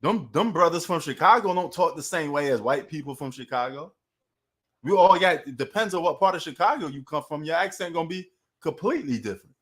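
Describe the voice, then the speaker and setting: A man's voice: a little high, animated, fairly quick, a bit bright. Slangy Queens New York man streaming. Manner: loose, slangy, talks to chat. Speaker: sports livestream host. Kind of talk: casual livestream commentary.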